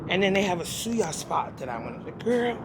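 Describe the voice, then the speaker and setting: A woman's voice: on the low side, lively intonation, fairly quick, noisy background. A woman vlogging in a casual, chatty way, rambling and repeating herself as she talks to her viewers. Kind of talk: casual vlog chat.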